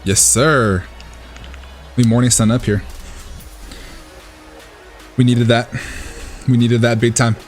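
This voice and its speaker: A man's voice: medium pitch, slow pace, long pauses, faint music behind. A man casually commentating his own competitive match, thinking aloud and cheering his plays. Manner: excitable, thinks aloud, talks to the opponent.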